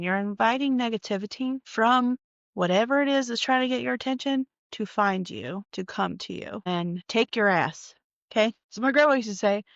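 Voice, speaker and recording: A woman's voice: mid-range voice, gravelly, no room sound. A tired woman from North Carolina telling a personal spooky story in a casual, profane, emphatic way. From North Carolina, USA. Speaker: storytime vlogger. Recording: dull, dry lo-fi recording.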